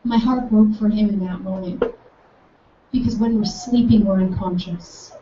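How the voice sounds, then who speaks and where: In a distant, echoey recording with faint noise and dull room tone, a young adult woman shares a campus story with enthusiasm. She speaks at normal speed in a mid-range voice, animatedly voicing both sides of the conversation.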